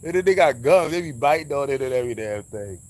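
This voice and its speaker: A man's voice: mid-range voice, lively intonation, quick pace, darkish tone. A man giving a casual spiritual monologue, preachy and emphatic, swearing freely as he talks. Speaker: speaker sharing spiritual views.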